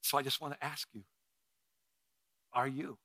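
Male preacher, crisp bright tone, restarts and repeats words, close dry mic. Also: mid-range voice, steady tone, moderate pace, no room sound. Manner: emotional storytelling with frequent restarts and repeated words. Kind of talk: sermon with personal story.

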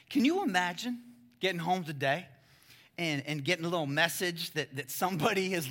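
Bright, forceful preacher. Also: male voice, fairly high pitch, animated, a little fast. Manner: conversational, addresses the crowd as guys; dramatic, swings between hushed and loud. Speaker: pastor. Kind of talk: sermon.

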